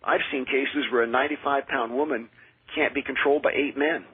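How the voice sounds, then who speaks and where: A man who is a minister and exorcist, telling his experiences in an earnest, measured way as a radio interview guest. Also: mid-range voice, fairly even intonation, slightly rough, no room sound. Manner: earnest, measured, with frequent restarts. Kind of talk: radio interview, personal storytelling. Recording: tinny dry phone line.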